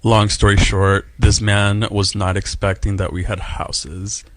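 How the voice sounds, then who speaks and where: A man recounting a casual anecdote in a relaxed way. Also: on the low side, unhurried. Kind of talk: casual storytelling.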